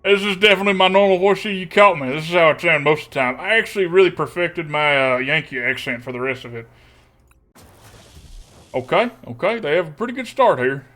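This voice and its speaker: A young man from Texas, streaming a card game, speaks on the high side, animated and fairly quick, with a bright, forceful tone. He talks through his thinking aloud, humming and muttering as he sizes up each play.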